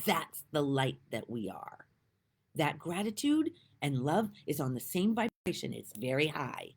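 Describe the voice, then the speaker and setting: A middle-aged woman with a low, husky voice talks slowly and earnestly about self-kindness. Her delivery is emotional, with wide swings in pitch and loudness, sometimes dropping almost to a whisper and sometimes rising to emphatic exclamations. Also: sing-song. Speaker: spiritual speaker. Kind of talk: heartfelt inspirational monologue.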